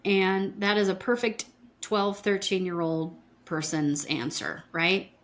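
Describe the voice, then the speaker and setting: A woman's voice: medium pitch, slow. Woman in her fifties, podcast co-host, blunt, indignant, cursing, casual retelling. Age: 50s. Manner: blunt, swears freely, indignant storytelling.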